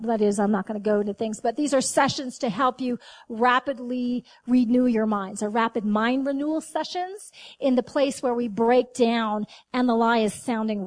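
High-voiced woman preaching animatedly. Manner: animated, talks to the audience, acts out dialogue with God. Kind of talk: sermon.

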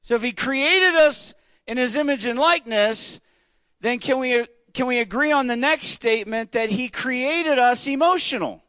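A man's voice: very high voice, moderate pace, pushed and bright, dry recording. A man teaching an interactive church Bible study, asking the group questions in a conversational, emphatic way.

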